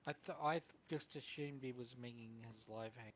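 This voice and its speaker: A man's voice: medium pitch, normal speed, a bit bright, slight background noise. A man playing alongside the host, making brief offhand remarks. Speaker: fellow player. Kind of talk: casual gaming chat.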